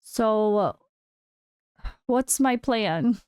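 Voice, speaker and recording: An American woman with a fairly high, smooth, clear voice chats candidly to camera in a casual vlog. She speaks frankly and drops wry, sarcastic asides. The sound is dry and close, with no room echo. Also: animated, very slow, a little mellow. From United States. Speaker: full-time gaming content creator. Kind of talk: casual chat.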